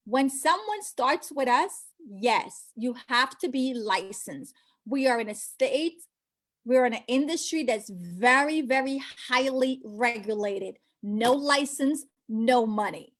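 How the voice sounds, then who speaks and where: Middle-aged woman with a high voice; an emphatic recruiter who leans on rhetorical questions. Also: a bit bright. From born outside the US. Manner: emphatic, repeats key phrases, asks rhetorical questions. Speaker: recruiter for a financial business. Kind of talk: motivational sales pitch.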